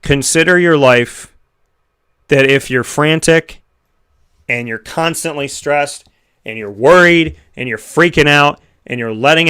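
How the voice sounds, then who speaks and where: A man's voice: medium pitch, a bit bright, clear, resonant tone. An American man hosting a talk show segment, giving an earnest, reflective motivational talk full of rhetorical questions. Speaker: radio show host.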